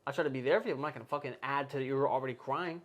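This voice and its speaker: A man's voice: medium pitch, rapid-fire. A man in his twenties hosting a podcast, talking in a casual, profane, rambling way. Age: 20s. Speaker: podcast host. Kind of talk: casual chat.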